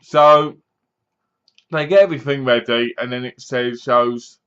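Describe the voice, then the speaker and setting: A man's voice: mid-range voice, a little slow, a bit bright, smooth. Chatty man reviewing a film, lo-fi. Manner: rambling, chatty, with restarts and asides. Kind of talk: casual spoken film review. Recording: dull lo-fi home recording.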